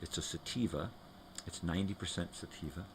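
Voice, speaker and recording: A man's voice: low-pitched, brisk, background noise. A man hosting a live morning show from home, chatting loosely and rambling, turning now and then to talk to his dogs. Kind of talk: casual rambling chat.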